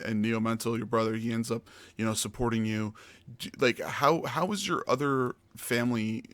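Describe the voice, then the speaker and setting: A man's voice: medium pitch, dry recording. A man hosting a casual podcast interview, friendly and encouraging as he asks questions. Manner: friendly, encouraging, laughs along. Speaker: podcast host, streamer.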